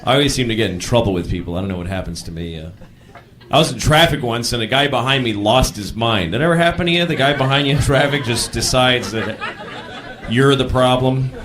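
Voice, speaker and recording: A man performing stand-up comedy, acting out the people in his stories by shouting them in a high voice. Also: a little fast. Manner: acts out shouting characters in high voice. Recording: live club with crowd. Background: audience laughter.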